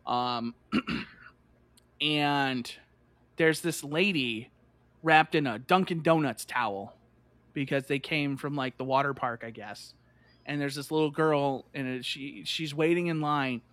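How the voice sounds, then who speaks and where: A man telling a lively story in casual chat, full of "like" and acted-out voices. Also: fairly high pitch. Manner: animated, fillers of "like", acts out voices.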